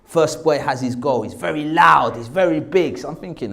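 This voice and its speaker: His voice is a little high and creaky, and his pace is normal. This forties-aged actor from South London, England, shares an anecdote about his past, energetically impersonating the people involved.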